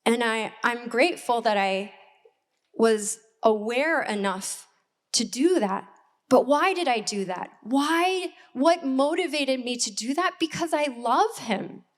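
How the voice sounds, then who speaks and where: A woman assistant pastor preaches in a church hall, speaking slowly. Her voice sits fairly high, and she talks in a candid, personal way with reflective pauses. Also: lively intonation. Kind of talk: sermon.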